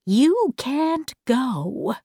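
Woman reader as a wise old otherworldly lady in a storybook, measured and very slow. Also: mid-range voice, dry recording, studio quality. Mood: calm. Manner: calm, measured.

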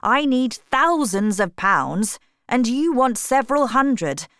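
A woman's voice: fairly high pitch, big pitch swings, slow pace, a bit bright, no room sound, clean studio sound, pitched above the performer's own voice, exaggerated voice. A woman voicing a desperate, hot-tempered baronet. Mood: angry urgent. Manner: agitated, raised, urgent. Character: desperate anxious baronet, middle-aged man, hot-tempered.

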